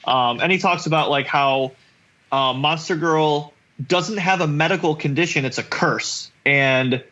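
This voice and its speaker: Bright-voiced animated podcast guy. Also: a little high, measured pace, muffled recording. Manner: animated, profane, acts out characters' lines. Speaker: podcast co-host. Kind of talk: casual recap chat.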